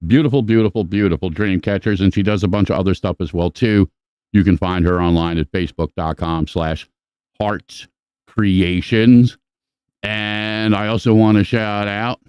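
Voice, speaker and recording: A man hosting a live podcast, chatting casually and profanely while giving rambling shout-outs. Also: lowish voice, clear, resonant tone, no echo, clean studio sound. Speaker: podcast host. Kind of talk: casual live-stream chat.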